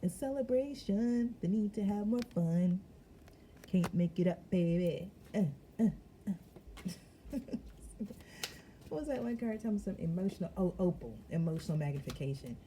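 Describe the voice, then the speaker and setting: Tarot reader, woman, low dark warm voice, casual and giggly, talks straight to her viewers. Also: lively intonation, normal speed, pauses often, a little hiss or hum. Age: adult parent of young children. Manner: giggly, breaks into laughter often; chatty, addresses viewers as y'all. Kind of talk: casual tarot reading to camera.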